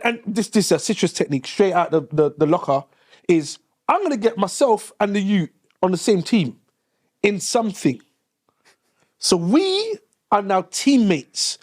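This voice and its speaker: A man, co-hosting a podcast, making his case in halting, restarting bursts. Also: high-pitched, sing-song. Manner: halting, restarts while building an argument. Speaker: podcast co-host. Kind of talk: casual group chat.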